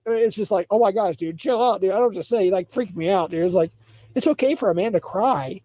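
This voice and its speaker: Man, high-pitched, mellow tone, dry close sound, rambling livestream chat. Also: fairly quick, no echo. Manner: rambling, reads chat aloud, laughs often. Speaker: livestream host.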